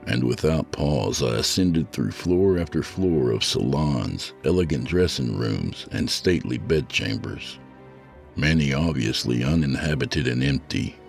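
A man reading a horror story aloud as a podcast host, in a slow, ominous storytelling manner. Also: very deep voice, vocal fry. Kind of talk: scripted horror narration.

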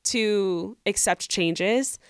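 A young woman co-hosts a podcast and answers a listener with earnest, encouraging advice. She talks casually, at a medium pitch. The recording is dry and close. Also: drawn-out words, clear, resonant tone, no echo. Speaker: podcast co-host.

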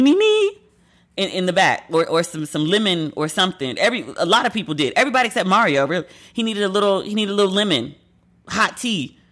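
A woman's voice: mid-range voice, a bit bright. A woman host in casual chat, telling candid, profane stories with playful acted asides. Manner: candid, profane, gossipy storytelling.

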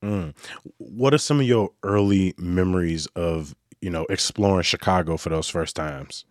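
Brief: male interviewer, deep voice, short measured questions.

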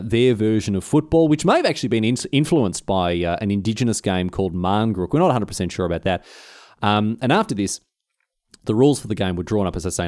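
A man's voice: on the low side, darkish tone, no echo, studio quality. A man with an Australian accent giving a casual, joking history explainer. He stumbles and restarts often.

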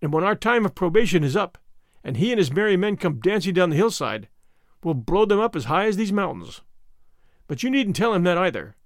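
A man voicing a bold, commanding young male leader in an audiobook, forceful and quick to excitement. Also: high voice, dry recording, clean studio sound. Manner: forceful, rising to excited outbursts. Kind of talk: audiobook character reading.

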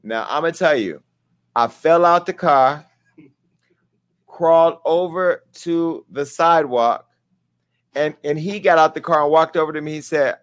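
A man's voice: a little high, a little slow. Brash comedic gossip host, man. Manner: brash, candid, comedic storytelling. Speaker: talk show host. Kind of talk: gossip commentary.

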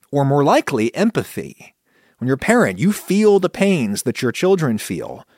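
Guy doing a solo podcast, really expressive pitch, dry close sound. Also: no room sound. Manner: conversational, reflective, animated when quoting thoughts. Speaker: podcast host.

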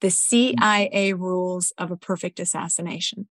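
A woman interviewer asking measured, thoughtful questions in a conversational way. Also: fairly low pitch, fairly bright tone, no room sound. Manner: measured, thoughtful, fills pauses with "you know".

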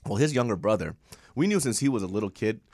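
A man's voice: on the low side, quick pace, no echo, clean studio sound. A man co-hosting a casual podcast chat, telling stories with a lot of laughter and swearing. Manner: animated storyteller, laughs often, swears freely. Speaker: podcast co-host.

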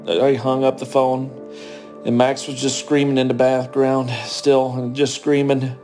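A man's voice: mid-range voice, level tone, a little slow, dark tone, faint music behind. A man interviewed as a coworker, plain-spoken and repeating phrases as he retells events. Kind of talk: recounted interview testimony.

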